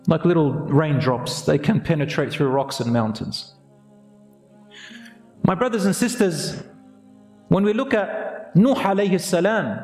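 A man's voice: high voice, darkish tone, echoey room. A man giving an earnest radio sermon as an imam, exhorting his listeners and mixing Arabic phrases into his English.

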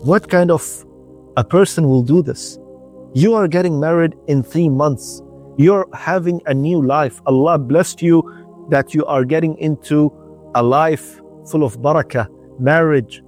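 A man giving an earnest radio sermon, telling a moral story in short, deliberate phrases with slightly non-native English. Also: a little high, darkish tone, soft background music. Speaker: radio preacher.

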